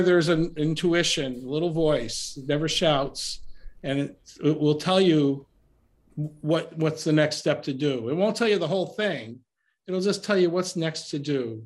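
Male podcast guest, higher voice, soft-spoken and reflective, pauses and restarts. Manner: gentle, unhurried, many restarts and fillers. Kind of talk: reflective interview talk. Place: remote call from home.

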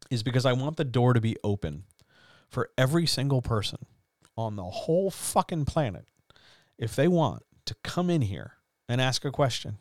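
Male host, mid-pitched, passionate pep-talk delivery with sharp loud-to-soft swings, dry close sound. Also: dry recording. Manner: earnest, swearing, repeats phrases, swings from loud to quiet. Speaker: host of a writers chat. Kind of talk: impassioned motivational monologue.

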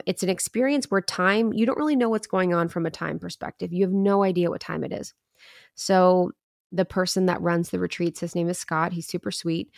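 A woman in her thirties with a low, gravelly voice recorded dry and close. She tells a personal story in an earnest, candid way and now and then acts out her own inner thoughts. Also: dry recording. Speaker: podcast guest. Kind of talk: reflective storytelling.

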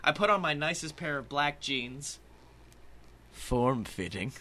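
A man's voice: on the high side, normal speed, bright, forceful tone. A man co-hosting a podcast, reading comic fan fiction with swaggering, theatrical narration. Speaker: podcast co-host.

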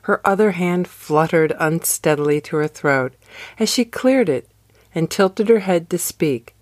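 A woman reads a devotional script with slow, storyteller pacing. Her voice sits low, yet it rises and falls with lively, animated inflection. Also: dry recording, studio quality. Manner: slow, expressive storytelling read. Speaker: devotional podcast host.

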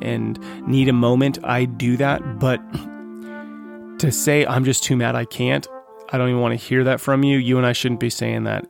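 Earnest male podcast host in his thirties, gravelly voice, motivational and direct, soft guitar bed. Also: mid-range voice. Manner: earnest, pep-talk, addresses dads directly. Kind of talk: solo motivational podcast talk.

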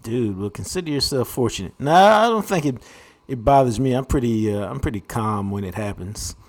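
A man chats casually on a podcast in a laid-back, low-key way. His pitch is lively and moves around, and his voice sits at a middle pitch. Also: a little fast. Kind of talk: casual chat.

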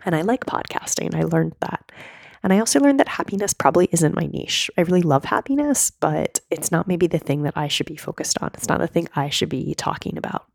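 A woman in her thirties hosting a solo podcast, coaching listeners in an earnest, direct way while hoarse from a cold. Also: fairly low pitch, expressive, brisk, darkish tone, dry recording, studio quality. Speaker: podcast host and mindset coach.

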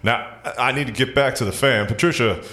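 A man's voice: mid-range voice, fairly quick, bright, forceful tone, close to an everyday voice. A man voicing a cheerful male farmer and family man who talks in a folksy, homespun way. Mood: jovial. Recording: roomy recording with faint music.

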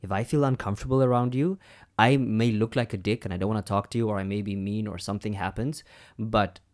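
A young man co-hosting a podcast in casual chat, candid and animated, swearing and laughing often. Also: lowish voice, fast. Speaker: podcast co-host.

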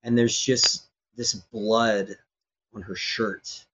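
A man's voice: on the low side, level tone, slow, sharp tone, a little hiss or hum. A man narrating as game master of a tabletop game, with a loose, rambling delivery full of fillers and restarts. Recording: slightly dull lo-fi stream audio.

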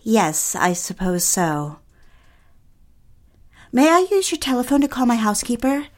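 An actress playing a nervous young bride-to-be in an audio drama, speaking in a hesitant, self-conscious way. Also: female voice, on the high side, sing-song, measured pace. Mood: anxious. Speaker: lead character.

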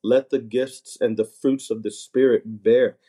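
A man's voice: mid-range voice, steady tone, measured pace, mellow, slightly rough. A man in casual conversation, talking earnestly and often repeating words as he starts a thought. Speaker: podcast guest, married minister. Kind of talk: casual chat.

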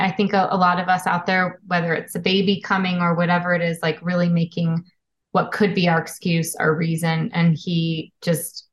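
A woman publisher as a podcast guest, telling personal stories earnestly and candidly. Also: lowish voice. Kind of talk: casual interview chat.

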